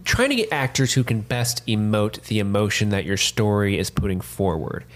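A man co-hosting a casual podcast, animated and laughing, swearing casually as he talks. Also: on the low side, normal speed, slight background noise. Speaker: podcast co-host. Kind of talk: casual chat.

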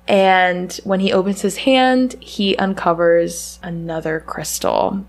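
A woman with a lowish voice who speaks at an unhurried pace, carefully laying out a movie's final scenes. Her delivery is measured and conversational. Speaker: podcast co-host. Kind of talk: casual film recap chat.

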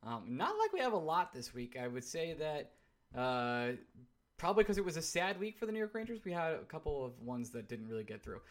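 Quick-talking male podcast host. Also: a little high, big pitch swings. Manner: brisk, reads listener questions aloud. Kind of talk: casual podcast chat.

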